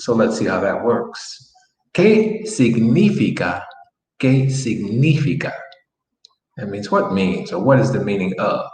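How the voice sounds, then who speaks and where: A man teaching a Spanish lesson in a relaxed way, repeating example phrases slowly as he writes them out. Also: lowish voice. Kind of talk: online language lesson. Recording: echoey room with faint noise.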